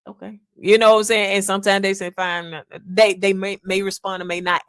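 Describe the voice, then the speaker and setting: A woman's voice: medium pitch, level tone, a little fast, fairly bright tone, dry recording, clean studio sound. A woman hosting a podcast in an earnest, casual monologue, calling listeners "y'all" and acting out little quotes. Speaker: podcast host.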